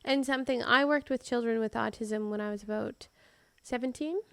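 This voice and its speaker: A woman co-hosting a podcast, chatting casually and telling animated stories, often laughing. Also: on the high side, brisk, smooth, no room sound, clean studio sound. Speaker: podcast co-host. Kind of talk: casual chat.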